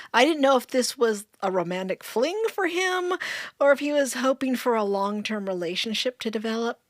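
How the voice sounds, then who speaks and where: A woman's voice: fairly high pitch, no room sound, clean studio sound. Earnest woman telling a story with laughs. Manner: laughs often, earnest and warm-hearted telling. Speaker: storyteller guest. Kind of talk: casual conversational storytelling.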